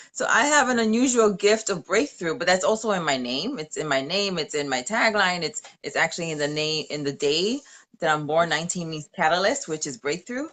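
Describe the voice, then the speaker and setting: Earnest low-voiced woman telling a story. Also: animated, moderate pace, fairly bright tone. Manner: earnest storytelling, slips in Spanish phrases. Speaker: co-host of a manifesting live stream. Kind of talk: casual testimonial chat.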